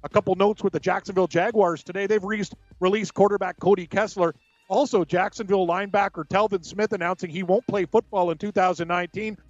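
A man co-hosting sports radio, giving brisk score updates and joking banter with frequent laughs. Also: sits high, steady tone, dry recording, highs cut off, faint music behind. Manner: brisk, jokey, laughs often.

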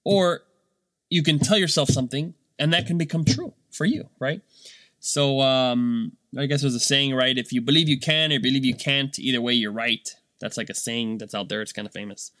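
Speaking at a moderate pace in a bright, forceful mid-range voice, this thirtysomething dad and business owner talks casually, leaning on fillers and "right?" checks. The monologue is a dry recording with clean studio sound.

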